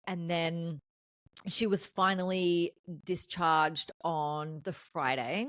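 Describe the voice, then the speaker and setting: A woman hosting a podcast, telling a personal story in a candid, animated way with the odd swear word. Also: sits low, dry recording. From Australia. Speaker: podcast host.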